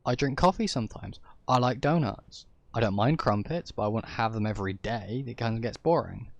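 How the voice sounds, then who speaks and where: A man's voice: lowish voice, a little fast, vocal fry. A man from England with an English accent, rambling through an opinionated livestream rant and correcting himself as he goes. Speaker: streamer. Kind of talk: casual ranting livestream talk.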